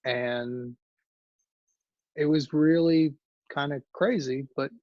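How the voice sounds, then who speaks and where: A man's voice: on the high side, steady tone, slow pace, no echo. A man, an engineering librarian, telling his career story in an informal talk, rambling and correcting himself as he goes. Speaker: guest speaker, engineering librarian. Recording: dull lo-fi call audio.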